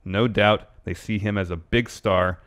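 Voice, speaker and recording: Man, podcast co-host, lowish voice, dry and matter-of-fact, casual chat. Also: fairly even intonation, a little slow, fairly bright tone. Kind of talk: casual chat, reading listener questions.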